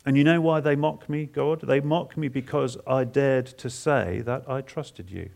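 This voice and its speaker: A man preaching an expository sermon at a conference. He retells a psalm dramatically in the first person, halting and repeating words for emphasis. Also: mid-range voice, creaky, darkish tone.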